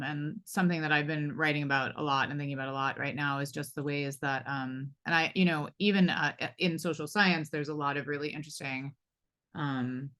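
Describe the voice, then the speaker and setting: Moderating a live panel discussion, this woman in her forties has a deep voice with a bit of brightness. Her talk is reflective, scattered with fillers and side remarks.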